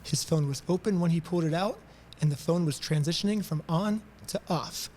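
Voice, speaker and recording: A sick man talking to the camera in a weak, quiet, near-whispered voice, making a pointed, argumentative commentary. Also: fairly high pitch, a little fast, a little hiss or hum. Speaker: video creator.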